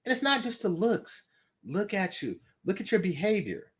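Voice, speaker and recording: A man's voice: sits high, big pitch swings, normal speed. A man from the San Francisco Bay Area hosting a reaction video, mocking and laughing at a clip and swearing often. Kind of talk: profane reaction commentary.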